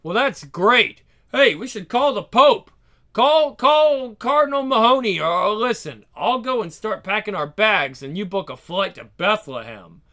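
A man voicing a betrayed husband who talks with loud, biting sarcasm. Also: sits high, big pitch swings, moderate pace, full character voice. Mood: sarcastic. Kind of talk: one-man script reading.

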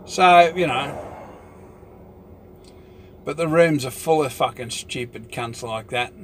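A man's voice: mid-range voice, slow pace, slight background noise. An older Australian man talking in a rambling, profane casual monologue, filling his talk with "you know".

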